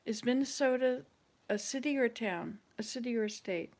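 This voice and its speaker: A woman's voice: fairly high pitch, normal speed, darkish tone. A woman hosting a casual chat with online viewers, thinking aloud and hesitating as she searches her memory. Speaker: channel host.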